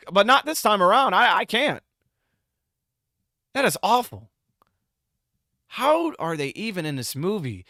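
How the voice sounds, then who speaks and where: A man rambles through an exasperated movie review, restarting his sentences as he goes. His voice is bright and a little high, with pitch that jumps around a lot. The sound is dry and close. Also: no echo. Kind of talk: casual spoken movie review.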